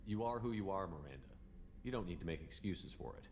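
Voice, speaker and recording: An actor playing a male starship commander who speaks in an even, measured way in a game. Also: low-pitched, slight background noise. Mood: calm.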